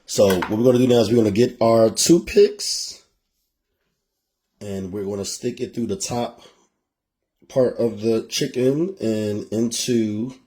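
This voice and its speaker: Mellow low-voiced Philadelphia man. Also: fairly even intonation, a little slow. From Philadelphia, USA. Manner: chatty, addresses viewers as "y'all". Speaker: cooking show host. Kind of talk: casual cooking tutorial.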